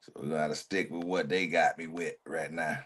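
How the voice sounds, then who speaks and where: A man's voice: a bass voice, steady tone, moderate pace, a bit bright, husky. A man streaming a reaction, talking back at a video in blunt, slangy commentary.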